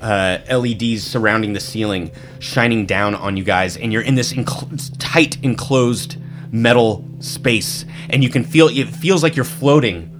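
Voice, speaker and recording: A man's voice: mid-range voice, unhurried, a bit bright, faint music behind. A man narrating a tabletop game as game master, describing scenes loosely with many fillers and restarts.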